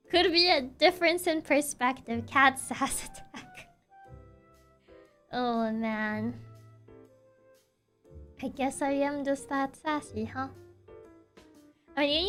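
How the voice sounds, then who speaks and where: A young woman streaming casually, soft-spoken and sassy, who laughs often while chatting with her viewers. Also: high voice. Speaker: VTuber streamer. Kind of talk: casual livestream chat, reading chat aloud.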